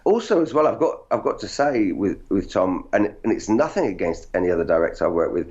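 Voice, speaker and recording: A man, an actor guest, telling animated, self-deprecating stories in casual interview chat. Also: on the low side, fast. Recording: dull lo-fi audio.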